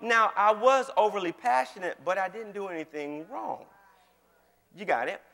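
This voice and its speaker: A male pastor preaching in a lively conversational style, often asking the congregation whether they follow him. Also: sits high, normal speed, creaky, in a large hall. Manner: animated, keeps checking in with the congregation. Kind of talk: conversational sermon.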